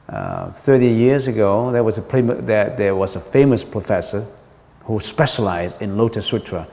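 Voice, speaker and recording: A man's voice: mid-range voice, a little mellow. A man, a Buddhist monk, giving a dharma lecture in a patient way, repeating key points with frequent ums. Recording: long hall reverb.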